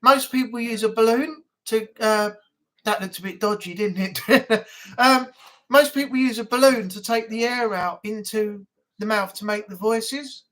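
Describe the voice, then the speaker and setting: A woman with a fairly high voice hosts a relaxed live stream chat. She rambles along, full of ums, talking to her viewers in a casual way. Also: a little slow. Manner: rambling, chatty, many ums.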